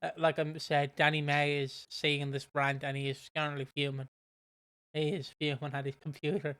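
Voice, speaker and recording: British man, podcast co-host, slightly high, smooth and clear voice, dry close sound, joking and laid-back. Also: level tone, normal speed, a bit bright, dry recording. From Britain. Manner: joking, laid-back presenter with filler ums. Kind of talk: casual podcast chat.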